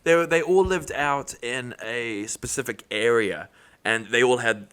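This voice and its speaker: A man's voice: mid-range voice, measured pace, fairly bright tone, clear, resonant tone. A man from England co-hosting a podcast, chatting casually, swearing often and slipping into mocking impressions. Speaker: podcast co-host. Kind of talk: casual banter.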